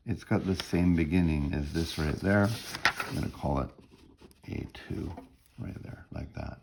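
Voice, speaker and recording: A very deep-voiced man with a gravelly edge talks students through a music theory lesson. He works step by step, hums short melody fragments and keeps checking in with "right?". His tone is dark and mellow, and faint noise sits under the recording. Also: moderate pace. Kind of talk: recorded lecture walkthrough.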